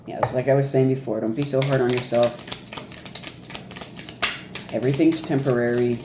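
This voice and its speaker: A man giving a casual, animated spiritual card reading, laughing and mimicking reactions as he goes. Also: mid-range voice, normal speed, long pauses. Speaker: oracle card reader. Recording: echoey room with faint noise.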